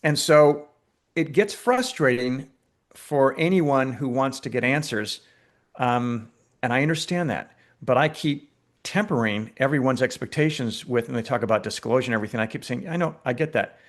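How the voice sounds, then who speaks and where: A filmmaker being interviewed, telling stories in a lively, conversational way with frequent fillers and restarts. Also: male voice, mid-range voice, normal speed. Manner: animated storyteller, many restarts and fillers. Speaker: filmmaker guest.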